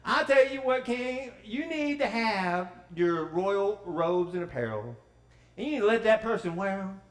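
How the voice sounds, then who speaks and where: A boastful, scheming royal official, put on by a preacher, a man eager to sound important as he lays out a grand plan. His voice sits high and rings around a roomy church hall. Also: animated, measured pace. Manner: eager, self-important, pitching ideas. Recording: echoey church sanctuary.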